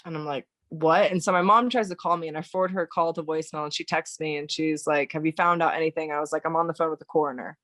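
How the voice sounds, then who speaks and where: Woman recalling a loss, flat dry voice. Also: sits low, dry recording. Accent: American. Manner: halting, many fillers and restarts. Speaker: podcast guest. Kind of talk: emotional personal recollection.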